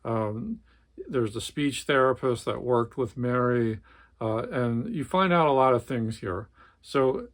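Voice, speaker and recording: A man hosting a book review channel, reading a novel passage and then discussing it. He talks in a conversational, slightly halting way. His voice sits in a middle pitch. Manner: conversational, hesitant with fillers.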